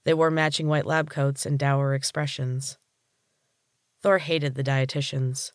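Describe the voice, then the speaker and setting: A man narrating a story as a podcast reader with a steady storytelling read. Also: mid-range voice, unhurried, no echo, studio quality. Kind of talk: scripted audiobook narration.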